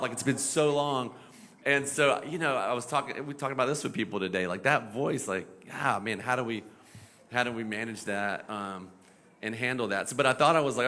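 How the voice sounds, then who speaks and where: Middle-aged doctor guy on a panel, bright clear voice, rambly and animated, lots of likes and ums. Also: medium pitch, normal speed. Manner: animated storyteller, mimics voices, many fillers. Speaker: pediatric epilepsy doctor. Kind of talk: casual panel talk. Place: event panel.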